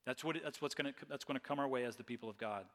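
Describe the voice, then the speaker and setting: A man's voice: medium pitch, very fast, fairly bright tone, in a large hall. A man preaching a sermon as pastor, earnest and often repeating phrases.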